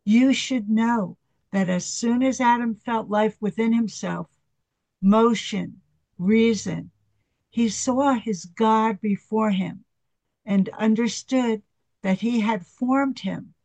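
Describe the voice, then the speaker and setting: A reader voicing Jesus as a tender divine father speaking to a devotee, in a slow, gentle, reverent reading. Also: medium pitch, dry recording.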